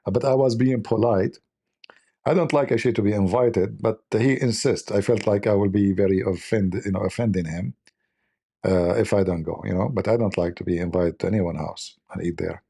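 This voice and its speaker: A man's voice: fairly low pitch, moderate pace, vocal fry, mellow, slightly rough. A man from the Middle East with an Arabic accent, hosting a casual livestream chat and telling rambling, joking stories full of "you know". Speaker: livestream host.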